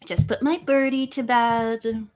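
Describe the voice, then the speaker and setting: A woman's voice: a little high, fairly even intonation, takes it slowly, a little mellow. A woman hosting a casual live stream, chatting in a rambling way and counting pages aloud. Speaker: live-stream host reading a book.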